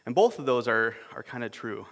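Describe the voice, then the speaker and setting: A man preaching a sermon as a pastor, in a relaxed, conversational way, often repeating words as he restarts. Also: mid-range voice, fairly quick, gravelly. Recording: long hall reverb.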